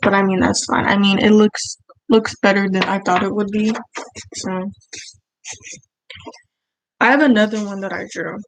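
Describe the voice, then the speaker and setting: A woman's voice: medium pitch, steady tone, normal speed, gravelly, pauses often, dry recording, poor audio. Rambling teen girl chatting while drawing. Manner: rambling, filler-heavy, self-deprecating. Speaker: vlogger. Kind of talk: casual storytime while drawing. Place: at home, indoors.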